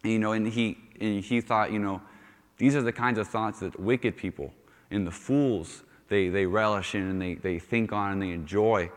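A man's voice: on the low side, steady tone, moderate pace. A male youth pastor giving a conversational sermon, often restarting phrases and saying "you know". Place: church sanctuary. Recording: long reverb of a church hall.

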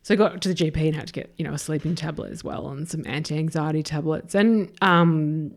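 An Australian woman co-hosting a podcast in casual chat, animated and laughing through her stories, swearing freely. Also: deep voice, a little fast. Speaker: podcast co-host.

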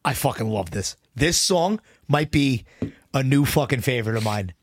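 A man co-hosting a podcast, chatting casually about songs with rambling restarts, swearing often, his voice hoarse and worn out. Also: medium pitch, animated, normal speed, a little hiss or hum. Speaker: podcast co-host. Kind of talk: casual chat about music.

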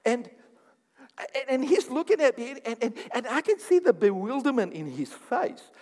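A man preaching a sermon, telling stories and acting out conversations in an animated way. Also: very high voice, normal speed. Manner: animated, laughing, acts out dialogue. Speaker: pastor. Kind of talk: sermon with storytelling. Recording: long hall reverb.

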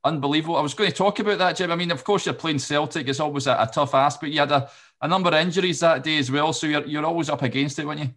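A Scottish man hosting a casual interview, supportive and quick to agree with his guest. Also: fairly high pitch, a bit bright. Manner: supportive, short agreeing replies. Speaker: podcast host.

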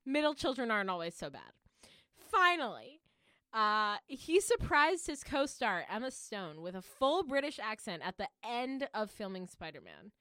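A woman's voice: a little high, big pitch swings, normal speed, pushed and bright, dry recording, clean studio sound. A young woman co-hosting a podcast in casual chat, playful and teasing, often giggling. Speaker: podcast co-host.

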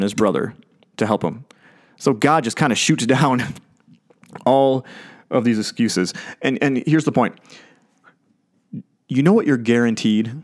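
A man's voice: mid-range voice, darkish tone. A man preaching a sermon in a conversational way, acting out quoted lines and chuckling often. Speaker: pastor.

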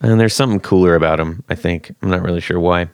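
A man's voice: low-pitched, fast talker, smooth, no room sound, clean studio sound. A man hosting a casual podcast interview, talking hesitantly with many fillers and restarts. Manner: hesitant, filler-heavy, chuckling. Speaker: podcast host.

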